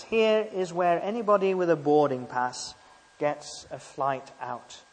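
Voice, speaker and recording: Man, preacher, sermon, fairly high voice, long hall echo, emphatic, lots of hesitations. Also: unhurried. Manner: emphatic, rhetorical tag questions, frequent hesitations.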